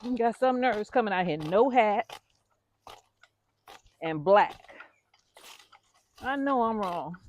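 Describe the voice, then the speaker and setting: A woman's voice: mid-range voice, lively intonation, slow pace, long pauses, darkish tone, highs cut off, slight background noise. A woman vlogging casually while she works in her garden outdoors, chatty and self-deprecating, out of breath.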